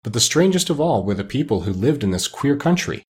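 A man narrating a children's storybook aloud, expressive and unhurried. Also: medium pitch, slightly rough.

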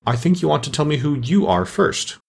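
A man's voice: on the high side, brisk, vocal fry, darkish tone, slightly rough, voice pushed up. A man voicing a polite, earnest, curious little girl in a storybook reading.

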